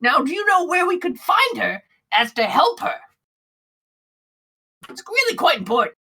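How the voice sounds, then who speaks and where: A woman's voice: high voice, sing-song, normal speed, sharp tone, full character voice, poor audio. A woman voicing a fawning little male kobold bard who stammers and wheedles. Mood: wheedling.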